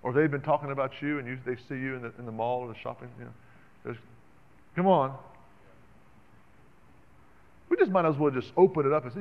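A man preaching a sermon in an animated, conversational way, calling out to the congregation. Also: mid-range voice, quick pace. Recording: dull sound with long reverb in a hall.

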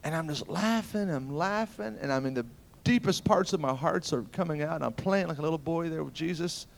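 A man preaching a sermon, telling stories in an animated way that swings from loud exclamations to hushed asides. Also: a little high, a little fast, creaky.

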